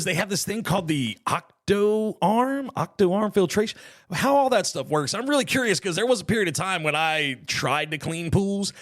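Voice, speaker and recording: Man, podcast host, bright voice, slightly high, rambling casual chat. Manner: chatty, rambling, joking asides. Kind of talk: casual solo podcast talk.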